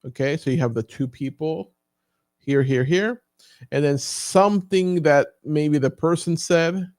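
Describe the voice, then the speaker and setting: A man's voice: on the high side, unhurried, a little mellow, dry recording, clean studio sound. A man giving a casual live training, thinking aloud with frequent fillers as he walks through examples on his screen. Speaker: YouTube coach.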